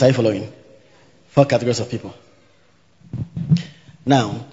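A man preaching a sermon in a church hall, repeating each point slowly and checking that the congregation is following. His voice carries a long reverb through the room, and the recording sounds dull and muffled. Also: mid-range voice, warm tone. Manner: teaching by repetition, asking the congregation if they follow; interjects hallelujah.

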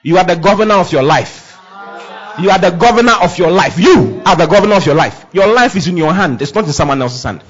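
A man preaching a sermon, making emphatic, repetitive declarations that swing from loud to hushed. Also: high-pitched, lively intonation, fast talker. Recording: dull lo-fi sound.

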